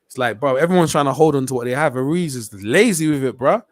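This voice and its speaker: A man's voice: medium pitch, fast talker, dry recording. A man giving casual, slang-heavy live commentary on a boxing match as a stream host. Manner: slangy, chatty, rising to excited shouts on big punches.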